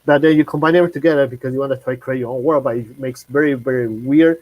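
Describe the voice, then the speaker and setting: A man hosting a livestream interview, speaking haltingly and searching for his words, heard over a video call. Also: medium pitch, fairly even intonation, no echo, highs cut off. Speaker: host.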